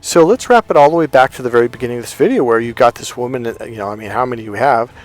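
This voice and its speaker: A man's voice: medium pitch, rapid-fire, faint music behind. A man speaking as a dating coach, telling a story to the camera in a blunt, emphatic way and swearing freely.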